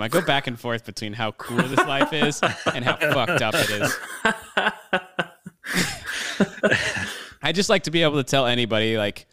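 A man's voice: medium pitch, no echo, studio quality. A man co-hosting a movie podcast, rambling and laughing in a casual chat. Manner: giggly, rambling, animated. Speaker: podcast co-host.

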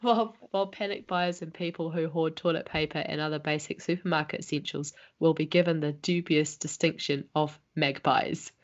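A woman's voice: low voice, steady tone, moderate pace, hardly any pauses, highs cut off. A woman hosting a casual online interview, upbeat and giggly. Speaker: host.

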